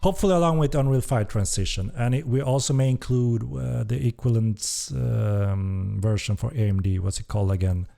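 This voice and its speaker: Talking a little fast with few pauses, a man with a mid-range voice and vocal fry hosts a casual live-stream Q&A as a game developer. He reads out chat questions in a relaxed, hesitant manner with casual swearing.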